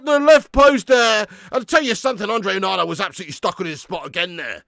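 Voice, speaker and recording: A man hosting a live football watch-along, swearing freely, getting excited and reading out viewer comments. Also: sits high, fast, creaky, dry recording, studio quality. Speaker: fan channel host.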